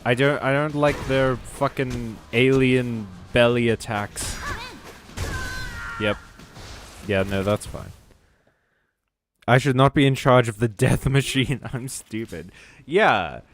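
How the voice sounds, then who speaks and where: A man's voice: medium pitch, slow pace, pauses often, a little hiss or hum. A man streaming a video game, chatting casually in a rambling, self-deprecating way and swearing freely. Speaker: VTuber streamer. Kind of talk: casual gaming stream chat.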